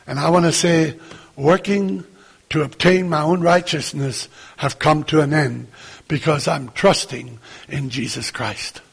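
High gravelly preacher man in echoey hall. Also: steady tone, a little slow. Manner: earnest, repetitive preaching with rising emphatic lines. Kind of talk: sermon.

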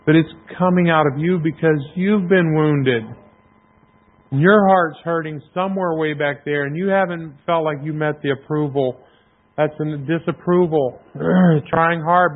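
Preacher man over a tinny line. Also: on the high side. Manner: conversational, self-deprecating, clears throat often. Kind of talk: sermon. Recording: tinny phone-like sound.

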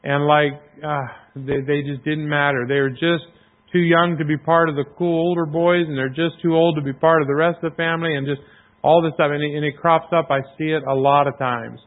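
A man preaching a sermon in a conversational, self-deprecating way, often clearing his throat. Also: fairly high pitch, steady tone, brisk. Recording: tinny phone-like sound.

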